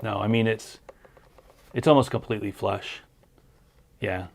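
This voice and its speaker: Slightly slow and creaky, a fairly low male voice belongs to a livestream host casually answering viewer questions. He's easygoing and hesitant with many ums, tired and losing his voice.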